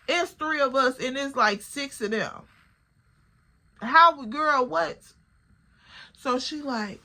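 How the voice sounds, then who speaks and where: Animated young woman spilling a story. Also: sits high, slow. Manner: animated, slangy and profane, addresses viewers as girl. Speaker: vlogger telling a storytime. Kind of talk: casual storytime chat.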